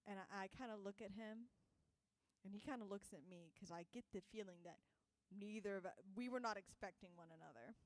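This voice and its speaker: Her voice is mid-range and a little fast, with no echo. She's a young singer-songwriter sharing a self-deprecating anecdote between songs, lively and punctuated with her own laughter.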